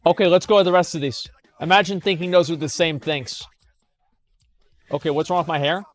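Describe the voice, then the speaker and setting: A man's voice: a little high, fairly even intonation, brisk. A young man streaming casual commentary as he reads forum posts aloud, blunt and scornful, swearing, stammering and restarting.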